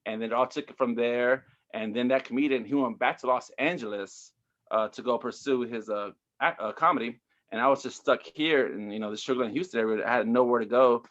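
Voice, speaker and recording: A man's voice: medium pitch, fairly quick, fairly bright tone, lo-fi sound. A man, a stand-up comedian, telling his story in a loose, rambling interview chat full of fillers. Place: Houston area.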